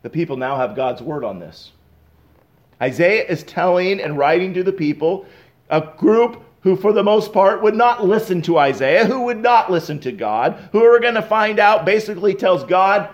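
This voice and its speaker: A man preaching an expository sermon as pastor, reading scripture slowly and swinging between loud and soft. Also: high-pitched, expressive, lo-fi sound.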